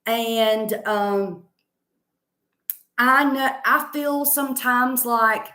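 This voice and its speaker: A woman's voice: on the high side, a bit bright, roomy sound. A woman comedian with a Southern accent, chatting casually in a rambling, confident way while answering viewer comments. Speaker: stand-up comedian.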